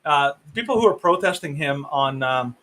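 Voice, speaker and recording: High-voiced man, halting opinionated talk. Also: lively intonation, bright, forceful tone. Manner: halting, many fillers and restarts, opinionated. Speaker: podcast co-host. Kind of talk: casual political discussion. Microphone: video call.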